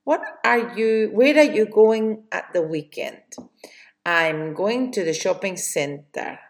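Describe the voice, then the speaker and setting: A woman with a Spanish accent teaching English vocabulary, slowly reading questions and answers in drills. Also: medium pitch, expressive. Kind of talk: slow vocabulary lesson.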